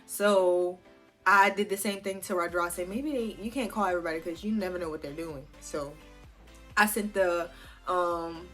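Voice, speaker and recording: This twenties-something vlogger has a lowish, fairly bright voice and talks at normal speed over faint background music. Chatting casually and animatedly, she shares a personal story with her viewers and doesn't hold back on the swearing.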